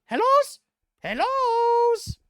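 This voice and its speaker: A man voicing an excitable, humble little male goblin who talks in broken grammar. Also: very slow, no echo, studio quality, exaggerated voice. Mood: pleading. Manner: squeaky, broken grammar, gushing. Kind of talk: tabletop role-play voice.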